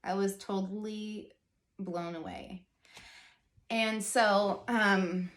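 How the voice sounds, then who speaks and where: With a steady, medium-pitched voice and an unhurried delivery, a woman in her thirties tells her own faith story in a reverberant space. As a vlogger she rambles in a relaxed, chatty way, saying "like" constantly and adding sincere asides.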